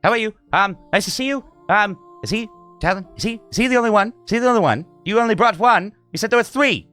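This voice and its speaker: A man voicing a frantic, scatterbrained woman wizard in a tabletop game, talking high and rushed. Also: animated, pushed and bright, soft background music.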